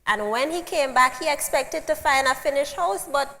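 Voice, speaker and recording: A woman's voice: sits high, normal speed, long reverb tail. A woman with a Grenadian accent playing a breezy, teasing local friend who tells stories in a comedy skit. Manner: teasing, easygoing, lively storyteller.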